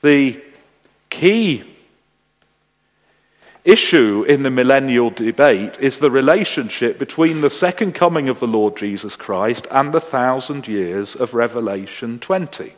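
A man preaching a sermon at a slow, deliberate pace. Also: medium pitch. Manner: slow, deliberate delivery, animated voices in the story. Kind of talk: sermon with a told joke. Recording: long hall reverb.

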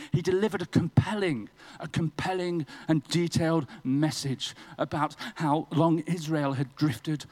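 A man's voice: fairly high pitch, a little mellow, rough recording. A man preaching a sermon in a church, telling a personal story with self-deprecating humour.

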